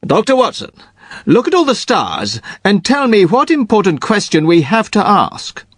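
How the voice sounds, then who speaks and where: A man's voice: high voice, wildly swooping pitch, moderate pace, no room sound, heavily acted. A man voicing a brusque, impatient Sherlock Holmes inside a spoken joke on a learner podcast, in a voice close to his own. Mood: instructive. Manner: impatient, scolding.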